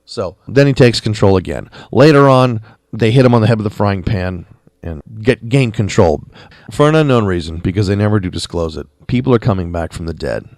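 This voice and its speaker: A man talks through a film review on his podcast, rambling along and dropping into quick imitations of the characters. His voice sits low but moves around a lot in pitch. The sound is dry and close, with no room around it. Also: expressive, a little mellow, no room sound. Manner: rambling, conversational, with quick mimicked quotes. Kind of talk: casual spoken review. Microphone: podcast mic.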